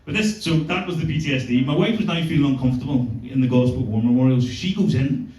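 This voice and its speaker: A man's voice: medium pitch, quick pace, a little mellow. A man in his thirties with a Northern Irish accent doing a stand-up set, telling sweary, self-mocking stories. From Northern Ireland. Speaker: stand-up comedian. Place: comedy club stage. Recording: roomy club sound, mic heard from a distance.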